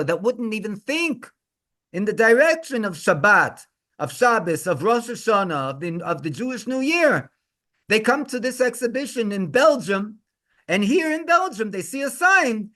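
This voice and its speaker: Rabbi, male, fairly high voice, animated storyteller prone to restarts. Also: normal speed. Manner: animated, voice climbing high with emphasis, stumbling restarts. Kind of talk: storytelling sermon.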